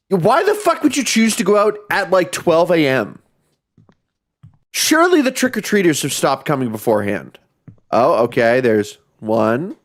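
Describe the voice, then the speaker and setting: A man streaming a horror game, talking casually with lots of swearing, jokes and loud reactions. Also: on the high side. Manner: profane, joking, often laughing and reacting loudly. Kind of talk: casual gaming commentary.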